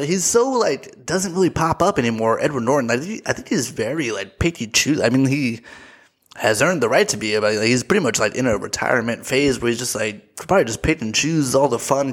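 A man's voice: medium pitch, lively intonation, brisk. A man with an American accent hosting a podcast, talking in a casual, rambling monologue full of fillers and offhand swearing. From United States. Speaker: podcast host.

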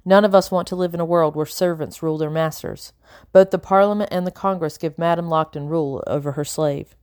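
A woman reading the lines of a self-assured gentleman who explains the law in a calm, lecturing way. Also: on the high side, brisk, clear, resonant tone, no echo, studio quality, close to an everyday voice.

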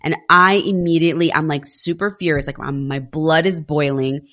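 A woman's voice: low voice, steady tone, normal speed, fairly bright tone. A woman in her thirties telling candid stories about family life in a casual conversation, with many fillers. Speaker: podcast guest.

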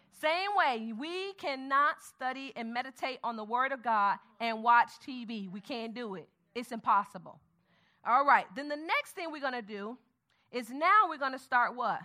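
Woman Bible study teacher, bright, a bit high, call-and-response questions, murmurs while skimming. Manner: murmurs softly while skimming the text aloud.

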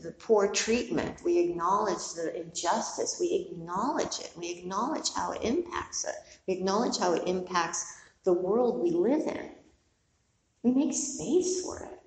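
A middle-aged woman teaching meditation, giving a candid, digressive dharma talk to a group with some casual swearing. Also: lowish voice. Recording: roomy hall from a distance, faint noise.

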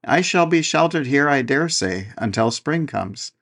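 A man's voice: fairly high pitch, expressive, a little slow, fairly bright tone, pitched above the performer's own voice, heavily acted. A man voicing a lonely young fir tree in a storybook reading, talking in an earnest, wistful way.

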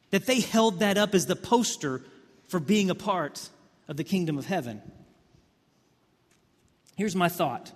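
A male pastor preaching a sermon, telling the scene like a story, with many repeated words and swings from hushed to emphatic. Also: sits high, animated, a little slow, pauses often. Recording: long hall reverb.

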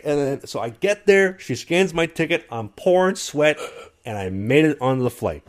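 A man telling a long story in casual conversation, animated, and acting out what other people said. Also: a little high, normal speed. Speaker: guest telling a travel story.

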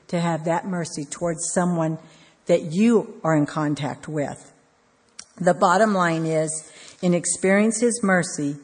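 A woman preaching an earnest, measured devotional sermon with repeated emphasis. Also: fairly low pitch, darkish tone, husky. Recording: long hall reverb.

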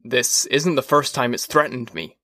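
A man doing a quiet, troubled fireman. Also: medium pitch, lively intonation, moderate pace, no echo, studio quality. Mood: uneasy. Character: uneasy, brooding adult male fireman. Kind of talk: audiobook reading.

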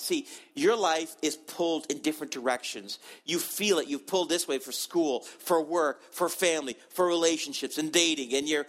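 A man's voice: fairly high pitch, bright, forceful tone. A man preaching a sermon, earnest and emphatic, with frequent restarts. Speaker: pastor.

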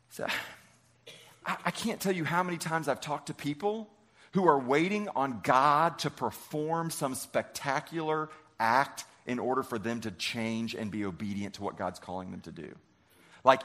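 A man's voice: fairly high pitch, expressive, normal speed, bright, forceful tone. A man preaching a sermon in a conversational way, acting out biblical characters with everyday lines and often repeating words as he restarts. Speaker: pastor.

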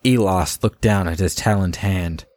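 A man narrating a fantasy audiobook in a measured, even storytelling manner. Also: sits low.

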